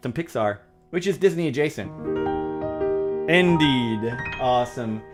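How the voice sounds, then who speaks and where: Upbeat guy chatting with his stream, piano playing under him, middle pitch. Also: expressive, unhurried. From United States. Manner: upbeat, chatty, laughs often. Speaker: livestream host and pianist. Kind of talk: casual livestream chat. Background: piano music.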